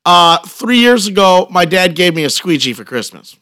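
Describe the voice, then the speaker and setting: A man from Costa Rica in casual chat, telling stories with deadpan jokes. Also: high-pitched, moderate pace, dry recording. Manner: deadpan joking.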